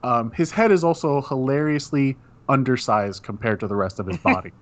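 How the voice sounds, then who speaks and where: A man's voice: mid-range voice, a little fast, a crowd in the background. A man narrating as game master, describing scenes in a loose way full of fillers.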